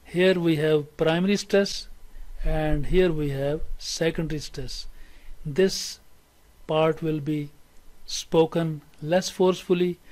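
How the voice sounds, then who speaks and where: Man, Pakistani English accent, English teacher, slightly high voice, slow, repeats words for students. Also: steady tone, a little mellow, rough recording. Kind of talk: recorded classroom lecture.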